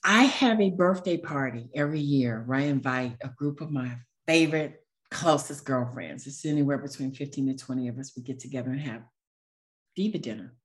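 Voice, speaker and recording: A woman guest on a podcast, telling a personal story in an emotional, animated way. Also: a bass voice, a little fast. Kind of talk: casual storytelling.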